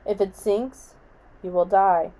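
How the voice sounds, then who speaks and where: A solemn old man of legend pronounces his words in a measured way, as a woman reads him aloud. The voice is mellow and unhurried, as in a storybook reading. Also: mid-range voice, steady tone, poor audio.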